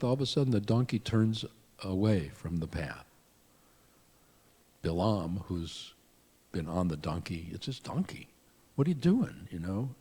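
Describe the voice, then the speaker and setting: A man, a rabbi, giving a conversational storytelling sermon with lively asides. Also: lowish voice, breathy edge. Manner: conversational, animated retelling with asides.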